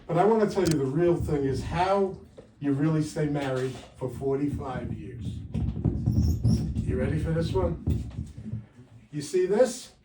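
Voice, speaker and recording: A man in his sixties doing a stand-up comedy set with wry, punchy delivery, jumping louder for quoted lines. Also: a little high, unhurried, pauses often, noisy background. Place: comedy club stage. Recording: roomy live sound from a distance.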